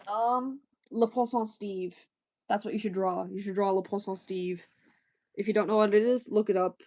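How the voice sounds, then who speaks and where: A woman's voice: mid-range voice, fairly even intonation, moderate pace, warm tone, no room sound. A woman livestreaming, chatting casually and rambling as she answers her chat, often laughing.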